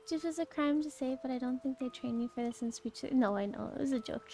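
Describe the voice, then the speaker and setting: A woman's voice: on the high side, creaky, warm tone, slight background noise. A young woman streamer chatting casually and rambling, laughing often and answering chat.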